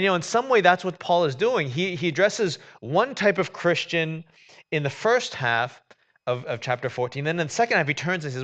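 A man's voice: fairly high pitch, sing-song, normal speed, fairly bright tone. A man preaching a sermon in a conversational way, with many fillers and restarts. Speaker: pastor.

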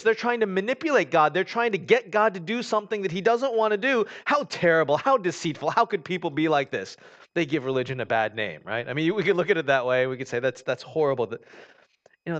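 A man's voice: medium pitch, fairly bright tone, highs cut off. A man preaching a sermon in a conversational way, acting out the voices of the people in the story. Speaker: pastor.

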